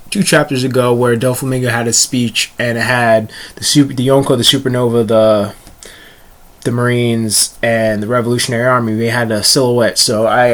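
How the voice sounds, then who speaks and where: A man's voice: mid-range voice, a bit bright. A young man casually reviewing a comic chapter, rambling and often stumbling over words and restarting.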